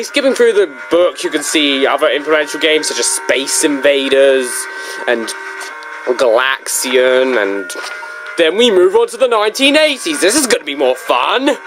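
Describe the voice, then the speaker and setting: A video reviewer talking casually through a book, in a rambling, joking manner with big swings in pitch. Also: a bit bright, a little hiss or hum.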